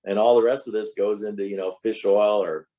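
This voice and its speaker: Man, low voice, conversational, long explanations, casual panel. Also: steady tone, brisk, mellow, poor audio. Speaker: crew member.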